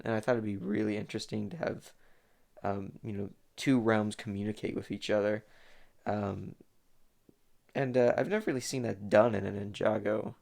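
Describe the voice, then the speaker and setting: A man's voice: lowish voice, creaky. A young man giving a casual, rambling commentary on his own fan animation, full of fillers and restarts.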